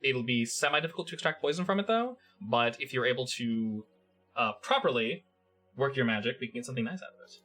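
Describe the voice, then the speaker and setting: A man running a tabletop game as game master, narrating in halting bursts with repeated words. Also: medium pitch, animated, pushed and bright, soft background music.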